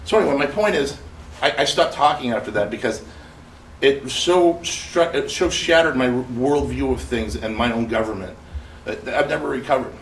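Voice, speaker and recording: A man's voice: mid-range voice, moderate pace, gravelly. A man who survived the events, giving an impassioned, rambling personal testimony at a memorial gathering. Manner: impassioned, rambling storytelling with restarts. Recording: echoey room, speaker far from mic, faint noise.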